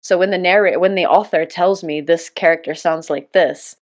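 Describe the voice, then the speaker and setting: A woman's voice: lowish voice, normal speed. A woman hosting a casual gaming podcast, joking, swearing freely and laughing often. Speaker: podcast host.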